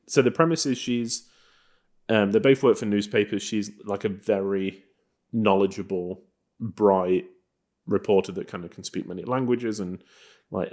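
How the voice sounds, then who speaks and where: A man's voice: on the low side, normal speed. A man co-hosting a film podcast, chatting casually about old movies with a loose, rambling manner and lots of fillers. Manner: relaxed, rambling, many fillers. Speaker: podcast co-host. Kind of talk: casual film review chat.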